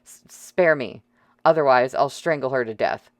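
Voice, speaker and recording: A man's voice: moderate pace, no room sound, lightly acted. A man voicing a panicked, desperate woman who pleads and wails, in an audiobook reading. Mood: hysterical. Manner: wailing, pleading, shrill. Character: panicked desperate woman, caregiver turned captor.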